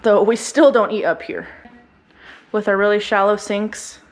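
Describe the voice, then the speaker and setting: A woman's voice: medium pitch, a little slow. A woman family vlogger giving a chatty, casual tour of her house and explaining each room. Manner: chatty, explaining as she walks.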